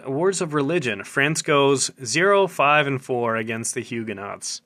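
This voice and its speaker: A man's voice: medium pitch, lively intonation, fairly quick, sharp tone. A man hosting a casual military news show, reading items aloud with loose, chatty commentary, stumbling over words and breaking into laughter as he reads.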